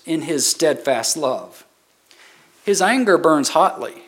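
A man's voice: on the high side, animated, takes it slowly, fairly bright tone. A man preaching a sermon as pastor, reading scripture aloud and driving points home with repetition.

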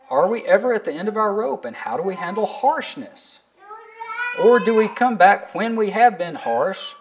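Man preaching with a lively, rising voice. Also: high-pitched, a little hiss or hum. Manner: earnest, asks the listeners pointed questions; reads scripture aloud with emphasis. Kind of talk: sermon.

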